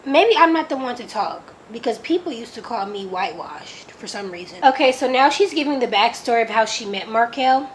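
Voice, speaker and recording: A woman's voice: fairly high pitch, expressive, fairly quick, hardly any pauses, slight background noise. A woman from Oakland reading a book aloud and commenting on it in a chatty way, filling her sentences with "like" and sounding openly incredulous. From Oakland, California. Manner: chatty, lots of "like", reacts with disbelief. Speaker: book reviewer.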